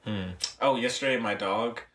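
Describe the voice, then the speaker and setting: A young man hosting a casual film podcast, talking with a relaxed, dry understatement. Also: on the low side, moderate pace, far from the mic. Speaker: podcast host. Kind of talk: casual chat. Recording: roomy echo, voice set back from the mic.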